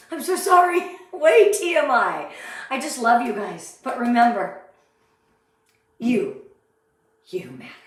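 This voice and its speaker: A woman's voice: a little high, far from the mic. A middle-aged woman giving a heartfelt, chatty motivational training talk to her sales team, laughing often. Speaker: direct sales team leader. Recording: very echoey room, away from the mic.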